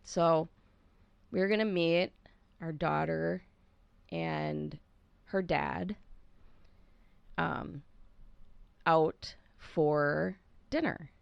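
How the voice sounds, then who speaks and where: A woman's voice: deep voice, extremely slow, gravelly, long pauses, smooth, no echo, highs cut off. A middle-aged woman co-hosting a podcast, telling a story in a rambling, self-mocking way with lots of laughter. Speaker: podcast co-host. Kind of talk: casual storytelling chat.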